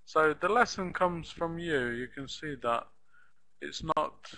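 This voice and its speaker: Slow, patient male English teacher. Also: on the high side, lively intonation, bright, forceful tone, a little hiss or hum, rough recording. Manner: slow, patient explaining with repeated model phrases. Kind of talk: live online class teaching.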